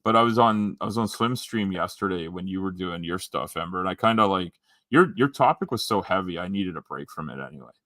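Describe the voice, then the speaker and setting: A man's voice: sits low, expressive, a little fast, hardly any pauses, a bit bright, no room sound, clean studio sound. A Canadian man hosting a casual livestream, reading comments aloud and rambling with many restarts and ums. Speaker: livestream host.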